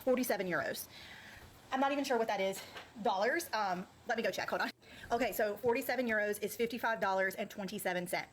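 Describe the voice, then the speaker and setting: A woman from North Carolina talks fast in a medium-pitched voice, with slight background noise. In a casual grocery vlog she's teary-eyed and emotional, full of gratitude and lots of fillers.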